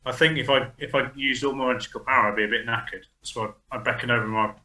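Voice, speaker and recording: A man's voice: mid-range voice, fairly even intonation, fast talker, sharp tone. A man with a Yorkshire accent playing a tabletop game, talking earnestly with hesitant restarts. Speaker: player. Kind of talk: casual tabletop play. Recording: echoey room, distant mic.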